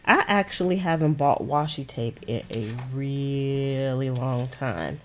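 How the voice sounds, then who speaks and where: Chatty low-voiced woman crafting at home. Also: takes it slowly. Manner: chatty, laughs often, answers viewers' comments. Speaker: crafting channel host. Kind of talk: casual crafting livestream chat.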